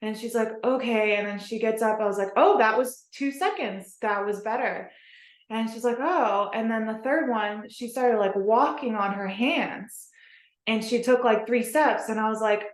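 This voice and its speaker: A woman's voice: on the high side, moderate pace. A young adult woman telling a story to the camera in casual vlog style, acting out what people said. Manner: animated, acts out quoted dialogue. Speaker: vlogger. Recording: echoey room.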